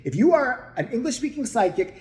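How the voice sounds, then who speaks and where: A man's voice: very high voice, sing-song, brisk, a little mellow. A man in his forties giving crude, sarcastic, heated commentary in a profane rant. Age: 40s. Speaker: commentary vlogger. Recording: roomy echo.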